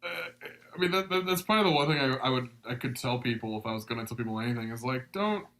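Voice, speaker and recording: A man, a comedian guest on a podcast, talking in a laid-back, joking way with halting restarts. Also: mid-range voice, steady tone, fairly bright tone. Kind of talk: casual podcast chat.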